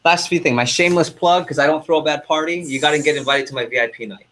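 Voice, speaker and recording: A man's voice: fairly high pitch, a little hiss or hum. Young man giving a fired-up sales pep talk. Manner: energetic, hyping up the room with quick asides. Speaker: sales division manager. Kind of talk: motivational sales meeting talk.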